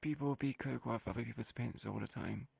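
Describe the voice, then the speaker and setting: A man with a deeply gravelly, husky voice speaks in character during an online roleplay. He is blunt and dryly sarcastic and swears casually. His voice sounds close and dry. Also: rapid-fire, darkish tone, no echo. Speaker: roleplay player.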